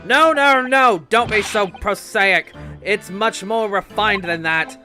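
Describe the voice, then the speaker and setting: A flamboyant young student poet bursts out in high, loud, dramatic lines. He piles on alliteration and melodrama, and he is never calm. Game music plays behind him. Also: moderate pace. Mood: exuberant. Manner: theatrical, loud, alliterating outbursts.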